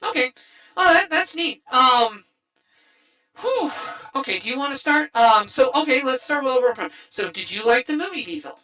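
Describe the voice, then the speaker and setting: A woman hosting a casual livestream movie chat, excitable and rambling with many restarts. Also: high-pitched, moderate pace, soft background music, rough recording. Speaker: streamer host.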